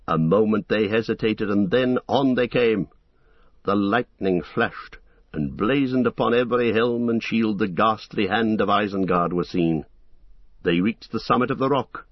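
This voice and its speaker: A man reads an epic battle from an audiobook in a measured, dramatic way. His voice is low and husky. The recording is dry and a bit dull and lo-fi. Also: dry recording. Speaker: narrator. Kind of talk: audiobook narration.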